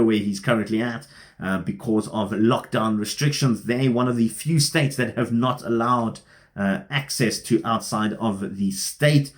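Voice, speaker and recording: A man hosting a casual wrestling rumour vlog, talking in a chatty, lively way with frequent filler "uh"s. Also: mid-range voice. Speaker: wrestling news host.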